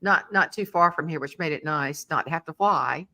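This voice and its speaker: A woman's voice: deep voice, moderate pace. A middle-aged woman with a Southern American accent, telling a funny story in a casual chat and acting out the voices of the people in it. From Southern United States. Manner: animated, acts out quoted voices. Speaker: humorist guest.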